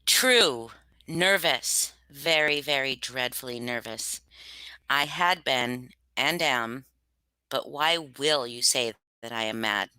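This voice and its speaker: A woman reading aloud as a nervous, insistent madman narrating a horror tale, slow and measured. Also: extremely low pitch, animated, bright, forceful tone, clear, resonant tone, no room sound, full character voice, poor audio. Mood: tense, brooding. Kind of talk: dramatic reading of a horror story.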